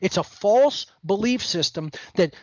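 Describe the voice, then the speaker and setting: A man's voice: high-pitched, lively intonation, unhurried, dry recording, muffled recording. A man as the guest on a podcast, talking in an emphatic, lecturing way over a remote call. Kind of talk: podcast conversation.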